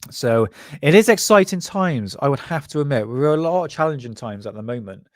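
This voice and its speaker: A man's voice: medium pitch, lively intonation, fairly quick, no room sound, clean studio sound. A man from England hosting a casual livestream, rambling, sarcastic and self-deprecating. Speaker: host.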